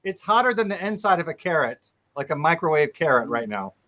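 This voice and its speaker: Bright, lively man, a bit out of breath. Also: fairly high pitch, fairly quick. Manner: chatty, playful show-and-tell of collectibles. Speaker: co-host of a live stream. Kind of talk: casual live-stream chat. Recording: live stream with faint noise.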